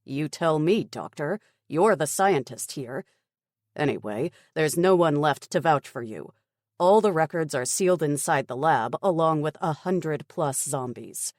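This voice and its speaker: Brisk, stubborn middle-aged male officer, voiced by a woman for an audiobook; clipped, dismissive delivery, dry close mic. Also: sits low, animated, a little mellow, no echo. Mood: grim. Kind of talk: audiobook character voice.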